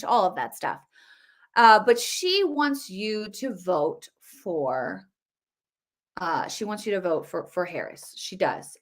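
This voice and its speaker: Emphatic woman with a higher voice. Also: a bit bright. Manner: conversational, frequent restarts and fillers, emphatic. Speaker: political commentary host. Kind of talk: casual solo commentary.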